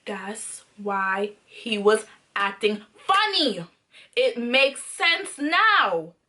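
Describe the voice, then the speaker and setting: A woman's voice: fairly high pitch, big pitch swings, drawn-out words, bright, forceful tone. A young woman telling a storytime vlog, dramatic and emphatic, acting out scenes and swearing freely in slangy casual talk. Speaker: storytime vlogger.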